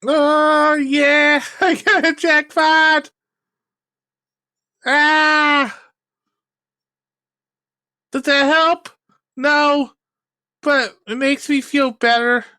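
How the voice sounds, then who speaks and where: A woman's voice: high voice, fairly even intonation, drawn-out words, long pauses, bright, forceful tone, dry recording, studio quality. A woman streamer commenting live on her own gameplay, swearing, groaning and cheering at the game.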